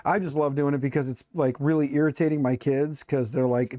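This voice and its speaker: A man's voice: medium pitch, fairly even intonation, fairly quick, few pauses, dark tone, no room sound, studio quality. A middle-aged man chatting casually on a live stream while tinkering, joking and muttering to himself as he works. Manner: joking, self-mocking, rambling. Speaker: streamer building a 3D printer.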